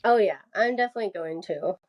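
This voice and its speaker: A woman's voice: medium pitch, quick pace, darkish tone. A young woman from the American South chatting casually as a podcast guest, laughing often and filling her speech with "like". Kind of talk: casual interview chat.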